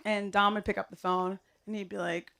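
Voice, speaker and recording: A young woman from the area speaks, delivering a loose, chatty wedding speech. She rambles with plenty of "um" and "like" and breaks into laughter often. Her voice sits at an ordinary middle pitch for a woman. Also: little pitch movement, fairly quick, creaky, a bit bright. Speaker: wedding guest giving a toast.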